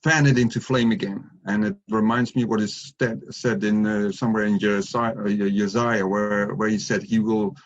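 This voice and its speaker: Husky low-voiced man, earnest and reflective. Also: fairly even intonation, normal speed, hardly any pauses. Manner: earnest, reflective, many restarts. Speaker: life coach guest. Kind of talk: interview storytelling. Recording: muffled lo-fi audio.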